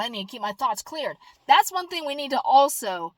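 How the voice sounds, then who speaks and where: A middle-aged woman talking straight to camera in a casual, rambling vlog, jumping from loud outbursts to soft asides. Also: high voice, very animated, moderate pace, no room sound, rough recording. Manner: rambling, emphatic, swings between loud exclamations and soft asides. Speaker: vlogger.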